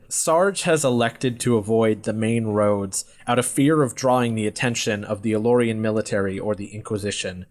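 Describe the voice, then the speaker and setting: Man narrating as game master. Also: medium pitch. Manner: descriptive, brisk narration with laughs.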